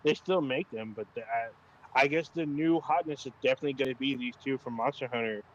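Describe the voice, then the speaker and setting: A man's voice: medium pitch, a little fast, slight background noise. Co-host, man, loose and profane, fillers galore; lo-fi dull audio. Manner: rambling, profane, frequent fillers. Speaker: podcast co-host. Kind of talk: casual gaming chat.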